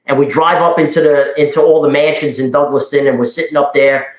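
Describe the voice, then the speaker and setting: A man's voice: a little high, a little fast. Echoey man telling cop stories. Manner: rambling, animated, with frequent restarts and quoted dialogue. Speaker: podcast guest telling police stories. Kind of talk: casual storytelling.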